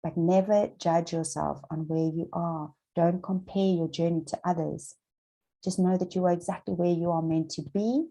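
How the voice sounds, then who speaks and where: A woman's voice: lowish voice, steady tone, moderate pace, mellow, low-quality recording. An Australian woman coaching viewers on manifesting in a chatty, encouraging motivational talk to camera, repeating her points and using plenty of fillers.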